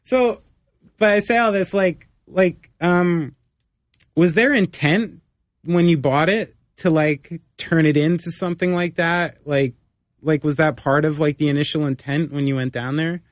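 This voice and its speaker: A man's voice: on the high side, fairly even intonation, measured pace, no echo, clean studio sound. A man hosting a casual chat, rambling and filling his talk with "like.". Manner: rambling, lots of "like".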